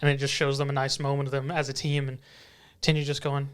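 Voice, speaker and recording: A man co-hosting an anime podcast in a relaxed way, swearing and retelling scenes with quoted lines. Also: mid-range voice, fast, clear, resonant tone. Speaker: podcast co-host. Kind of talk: casual anime recap chat.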